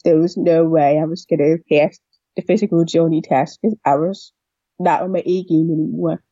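A young deaf woman telling a long personal story in an interview, replaying what people said to her with lively voices. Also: low-pitched, brisk, no echo, highs cut off. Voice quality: deaf speech. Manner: rambling, animated retelling of dialogue. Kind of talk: casual storytelling.

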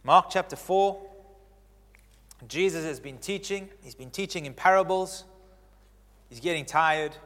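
A man preaching a sermon as pastor, stressing key phrases by repeating them and swinging between loud declarations and hushed lines. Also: on the high side, unhurried, long pauses, big-room sound.

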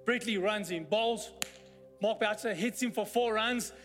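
A man pastor preaches with a high, animated voice, telling stories that climb to exclamations. His sermon rings through a church hall with a long reverb tail. Soft music sits faintly beneath him. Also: a little slow. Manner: animated storyteller, building to exclamations. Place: church hall during a service.

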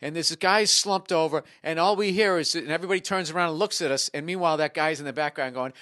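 Bright, animated storytelling man. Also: fairly high pitch, quick pace, no echo, clean studio sound. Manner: animated, profane anecdote-telling. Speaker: guest comedian. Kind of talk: casual podcast storytelling.

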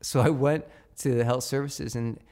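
A man co-hosting a podcast, chatting casually and telling a story in an animated way, acting out what others said and laughing often. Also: medium pitch, normal speed. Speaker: podcast co-host and professor. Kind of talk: casual chat.

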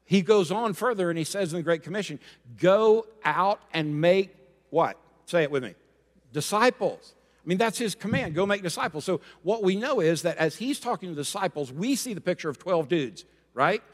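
A man preaching a sermon as pastor, lively and joking, calling for responses from the congregation. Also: sits high, a little fast, hardly any pauses, husky. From Rhode Island and Florida. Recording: long hall reverb.

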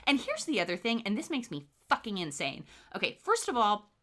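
Young female co-host, bright and punchy, very expressive pitch, exasperated ranting chat. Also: brisk. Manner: animated, swears freely, exasperated rants. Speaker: podcast co-host. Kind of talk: casual chat recapping a reality show.

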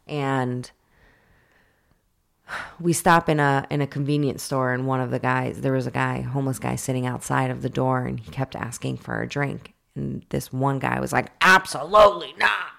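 A woman tells a story in casual chat with a low voice that drops into gravelly fry. She swears freely and stays animated, with her talk full of fillers.

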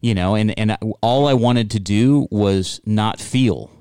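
Male host, earnest and empathetic, deep and dry close-mic sound. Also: takes it slowly, darkish tone, smooth, no echo. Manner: earnest, empathetic, shares personal stories. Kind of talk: conversational talk show.

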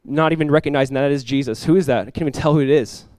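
A young man preaching a sermon as a pastor, telling stories in a casual, animated way with many asides. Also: mid-range voice, rapid-fire, no room sound.

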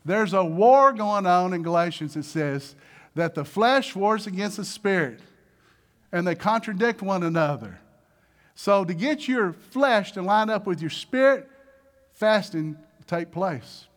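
A man preaching with a high, lively voice that leaps up and drops down. He acts out little voices as he goes and moves between loud bursts and soft asides. The delivery is animated and conversational, the way a pastor talks from the pulpit. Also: measured pace. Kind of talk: sermon.

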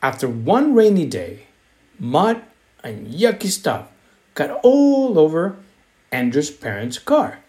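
A man reading a children's story aloud in a slow, expressive, sing-song way. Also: on the high side.

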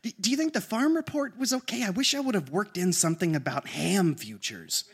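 A woman in a live comedy radio sketch with a husky voice, talking in a soothing, hurried way. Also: mid-range voice, animated.

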